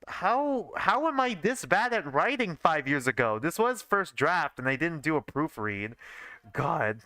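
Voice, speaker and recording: A man's voice: a little high, sing-song, a little slow, pushed and bright, no room sound. A man in his early twenties streams a reading of his old fanfiction, rambling and self-mocking with lots of fillers. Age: early 20s. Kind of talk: casual live-stream commentary.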